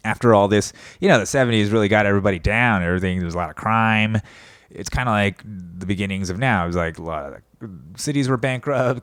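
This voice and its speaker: A man's voice: on the low side, clean tone, no room sound, clean studio sound. A man in his thirties ranting casually and profanely, mocking politicians in put-on voices. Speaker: podcast host. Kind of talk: casual rant.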